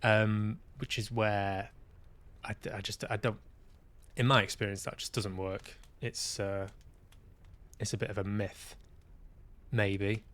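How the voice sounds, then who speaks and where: A man's voice: on the low side, level tone, slow pace, pauses often, fairly bright tone. A man hosting a podcast, talking candidly in a casual, reflective monologue, self-deprecating and swearing now and then. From Manchester, UK. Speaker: podcast host and actor.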